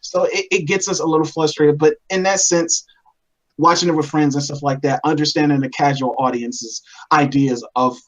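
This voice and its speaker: A man's voice: a little high, steady tone, moderate pace, poor audio. Man, wrestling co-host, heated rant, swears a lot, repeats himself. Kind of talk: heated casual chat.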